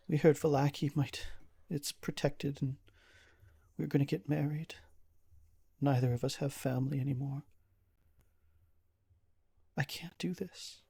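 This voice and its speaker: A heartbroken young woman begs to die in a raised, cracking voice, as a man acts her out at the game table. Her pleas come out gravelly and close, with no room around them. She sounds frantic and lost in grief. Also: on the high side, darkish tone, no room sound, voice pushed up, full character voice. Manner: pleading, sobbing, begging to die. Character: distraught grieving young village woman.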